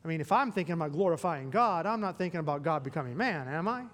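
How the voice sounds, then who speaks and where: A male pastor giving a sermon, playful and animated, with asides and questions to the congregation. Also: a little high, fast. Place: church sanctuary. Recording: long reverb of a church hall.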